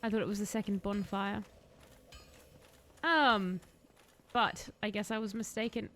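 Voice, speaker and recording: A woman's voice: medium pitch, steady tone, unhurried, fairly bright tone. A woman streaming a video game, chatting casually with her viewers and laughing often. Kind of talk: casual gaming live-stream commentary.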